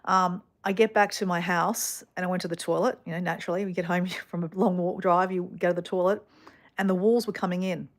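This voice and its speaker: Middle-aged Australian woman, casual vlogger, rambling storyteller, slightly low voice. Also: steady tone, a little fast. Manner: chatty, rambling, lots of fillers and asides.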